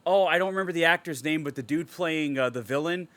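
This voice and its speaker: A man's voice: fairly high pitch, fast talker, dry recording. A man co-hosting a podcast, chatting casually and swearing a lot as he tells emotional stories. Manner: animated, profane, emotional storytelling. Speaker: podcast co-host.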